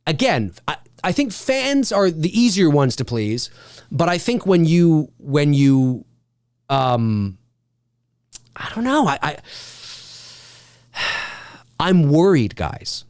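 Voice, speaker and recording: A man hosting a casual live stream chat, talking loosely, swearing and acting out quotes in an animated way. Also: fairly high pitch, slow pace, long pauses, no echo, clean studio sound.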